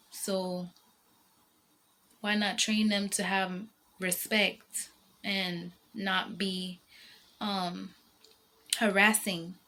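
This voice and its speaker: A woman who is a mother and vlogger speaks to her viewers in a casual vlog, with a medium-pitched, slightly bright voice. She rambles emotionally, circling back on herself with many fillers and restarts.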